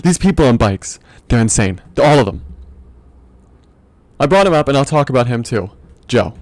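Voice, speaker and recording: A man's voice: mid-range voice, very animated, normal speed, darkish tone, dry recording. A young man hosting a podcast, telling a comic rant in a profane, exasperated way and laughing often. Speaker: podcast host. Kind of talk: comedic storytelling rant.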